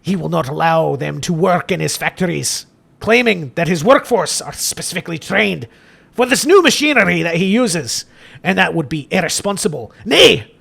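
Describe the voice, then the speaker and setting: A man reading a diary aloud as a Scottish-accented priest, slow and theatrical, rolling his Rs heavily. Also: fairly high pitch, lively intonation, gravelly, fairly bright tone, breathy edge, heavily acted. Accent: Scottish, exaggerated put-on. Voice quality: heavy rolled Rs.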